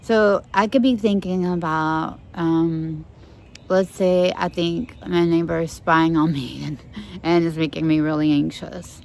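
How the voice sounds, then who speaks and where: Middle-aged woman, slow gentle therapist voice, kinda low, faint outdoor hum behind her. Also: fairly even intonation, gravelly. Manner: gentle, demonstrates slow breathing. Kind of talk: calm instructional talk. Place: outdoors in the sun. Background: birds singing.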